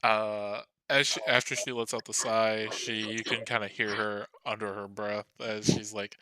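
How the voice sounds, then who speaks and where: A man narrating as game master of a tabletop game, halting, with many fillers as he thinks aloud. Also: fairly low pitch, little pitch movement, pushed and bright, a little hiss or hum.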